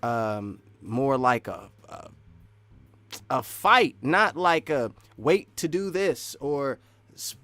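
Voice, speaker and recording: A man giving casual, excitable live-stream commentary while wearing earphones, rambling and swinging between loud and soft. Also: mid-range voice, takes it slowly, no echo. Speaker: streamer reacting to game news.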